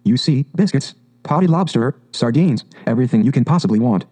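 A man voicing a boastful, excitable male toad who talks in a grand, gushing way. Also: medium pitch, brisk, close to an everyday voice. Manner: pompous, gushing, exclamatory.

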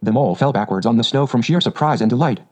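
A man narrating a children's story aloud in a steady, measured way on a dull lo-fi recording. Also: medium pitch. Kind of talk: audiobook reading.

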